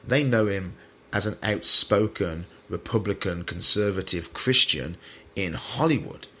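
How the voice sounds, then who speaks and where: A man's voice: fairly low pitch, pushed and bright. A man hosting a solo podcast, talking in a rambling way with many fillers and restarts, turning sarcastic at times. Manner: sarcastic when mocking critics. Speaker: podcast host.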